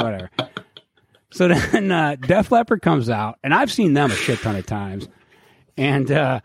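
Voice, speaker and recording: A middle-aged man co-hosting a podcast, telling a profane story in a casual, animated way and acting out what people said. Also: a little high, dry recording, studio quality. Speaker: podcast co-host.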